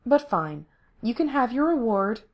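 A woman reading a story aloud and voicing a relaxed young woman performer who teases in a low-key, easygoing way. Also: a little slow, exaggerated voice. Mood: laid-back. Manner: laid-back, low-key and teasing.

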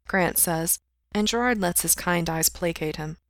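Casual: woman reading a story aloud, lowish voice, dry close sound. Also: moderate pace, no echo. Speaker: reader. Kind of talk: audiobook narration of fiction.

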